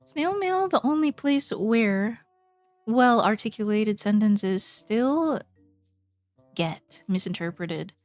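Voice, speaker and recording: Slow-talking, playful woman streamer. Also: mid-range voice, animated, a little mellow, no echo, soft background music. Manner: rambling, playful, laughs often, swears casually. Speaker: streamer chatting while drawing. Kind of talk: casual chat with live chat.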